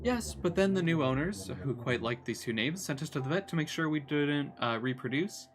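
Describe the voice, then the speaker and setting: Fussy chatty lady cat for a visual novel, lively pitch, music playing as a guy plays her. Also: moderate pace, close to an everyday voice. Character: prim talkative female cat who loves crunchy bits. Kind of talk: voice-acting a visual novel on stream.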